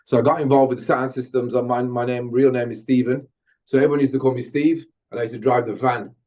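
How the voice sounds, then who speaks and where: A middle-aged man from Birmingham, England, guesting on an interview podcast and telling stories from his music career in an animated way. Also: mid-range voice, fast, dull audio. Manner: animated storyteller, slips into Jamaican-style patois when chanting. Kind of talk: storytelling interview.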